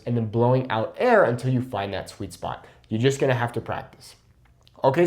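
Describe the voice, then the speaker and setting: An encouraging young man teaches Spanish pronunciation in an online lesson. His voice rises and falls a lot, and he speaks at a medium pitch. He keeps checking in with the listener after each point and says example words slowly and carefully. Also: darkish tone.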